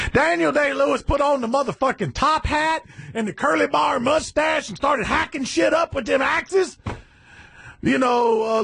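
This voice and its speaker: A man's voice: high-pitched, vocal fry, husky, dry recording. Brash, profane man ranting on the radio. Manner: brash, profane, shouting bursts. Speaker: satellite radio host.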